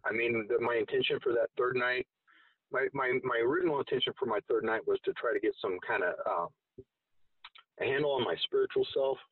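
A man's voice: medium pitch, fairly quick, breathy edge, dry recording, recorded from a distance. A man telling a long personal story in a casual, rambling way with frequent swearing. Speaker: guest. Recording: tinny phone-like sound from off-mic.

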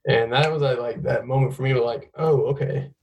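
A man's voice: medium pitch, fairly even intonation, fairly quick, slight background noise, low-quality recording. A young man in casual chat, telling rambling stories laced with swearing. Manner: rambling, profane storytelling.

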